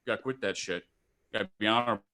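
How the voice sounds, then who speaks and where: A man's voice: fairly low pitch, racing, sharp tone, pitched below the performer's own voice. A man voicing his stern older father who lectures him about honor. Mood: scolding.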